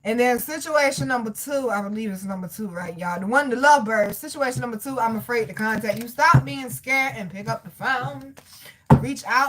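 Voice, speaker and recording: A high-pitched young woman, talking casually and loudly to her viewers. She is animated and laughs and shouts a lot. A faint hiss sits under her voice. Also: moderate pace. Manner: animated, loud laughs, swearing, addresses viewers as y'all and baby. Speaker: tarot reader. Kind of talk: casual livestream chat.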